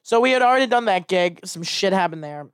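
A man, a stand-up comedian, telling a casual, animated story and acting out the people in it. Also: high-pitched, fast, clear, resonant tone, no room sound, clean studio sound. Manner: animated, acts out quoted voices.

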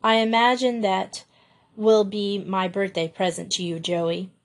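Woman reading a gentle, caring older sister. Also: medium pitch, flat delivery, a little slow, lightly acted. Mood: kind. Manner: gentle, soothing.

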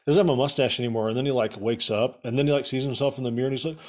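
A man's voice: mid-range voice, fairly even intonation, racing, hardly any pauses. A young man casually recapping a movie for laughs, rambling with lots of fillers and sarcastic asides.

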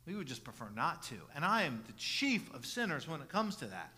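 A middle-aged man preaching a sermon as pastor, earnest, restarting phrases with repeated words and building from soft passages to loud emphatic ones. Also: fairly high pitch, big pitch swings, fairly quick. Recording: long reverb of a large hall.

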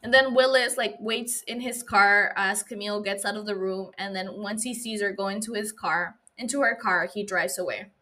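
A woman hosting a recap podcast, her voice bright and forward. She talks casually and animatedly, dropping swears and big reactions as she retells the story. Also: medium pitch, moderate pace, few pauses. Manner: animated, profane, gushing reactions. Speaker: podcast host recapping a TV episode.

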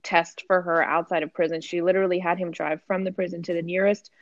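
A woman's voice: fairly low pitch, flat delivery, fast talker, dry recording, dull audio. A woman co-hosting a casual chat, blunt and opinionated, swearing casually. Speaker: podcast co-host.

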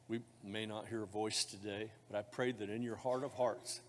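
A male pastor preaching a sermon, moving between loud fervent declarations and quiet, intimate speech, with a folksy, joking touch. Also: on the low side, steady tone, a little fast, slight background noise. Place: church sanctuary. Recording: long hall reverb of a church.

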